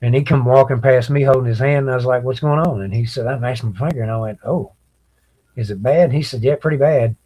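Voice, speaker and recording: A plainspoken man telling a story on a casual stream. He takes his time with a relaxed, matter-of-fact delivery. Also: mid-range voice, husky, low-quality recording. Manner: laid-back, plainspoken, drawn-out telling. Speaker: co-host.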